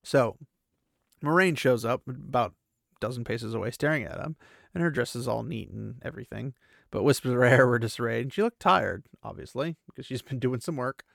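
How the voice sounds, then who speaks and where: A man's voice: mid-range voice, lively intonation, moderate pace, gravelly, fairly bright tone, no room sound, clean studio sound. A man hosting a podcast, reading a fantasy novel aloud and chatting about it in an earnest, self-deprecating way. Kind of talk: book reading with casual commentary.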